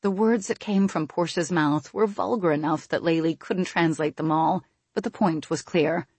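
A woman reading a fantasy novel aloud in steady, measured audiobook narration. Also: deep voice, husky, no echo.

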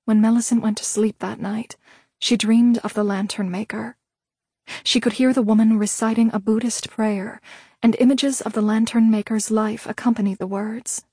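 A woman reading an audiobook in steady, measured scripted narration on a close mic. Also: on the high side, slightly rough, no echo.

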